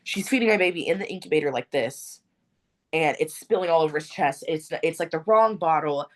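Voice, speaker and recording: A woman's voice: deep voice, lively intonation, a little fast. Earnest young woman telling her story. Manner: earnest, rambling, many fillers. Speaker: podcast guest. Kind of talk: personal story in an interview.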